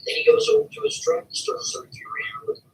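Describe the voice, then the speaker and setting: A woman telling an anecdote in casual storytelling style, acting out the dialogue and often dropping into a breathy whisper. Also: very high-pitched, level tone, quick pace. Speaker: salon owner telling an anecdote. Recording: distant mic with faint background noise.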